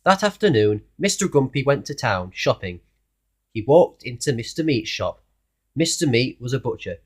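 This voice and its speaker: A man reading a children's storybook aloud in an expressive way, asking the listener questions along the way. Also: mid-range voice, normal speed. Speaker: narrator reading a children's book.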